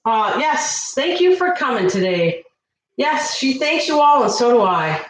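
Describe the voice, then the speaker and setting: A woman hosting a casual cooking livestream, chatting away and warmly thanking viewers by name from her kitchen. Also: high-pitched, sing-song, measured pace, a little hiss or hum. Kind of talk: casual live-stream chat. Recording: echoey room.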